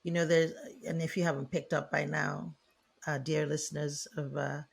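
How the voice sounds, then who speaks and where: Woman coach on a podcast, raspy husky voice, talks like a preacher, animated. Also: low-pitched, moderate pace. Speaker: guest, feminine leadership coach. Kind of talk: conversational podcast interview.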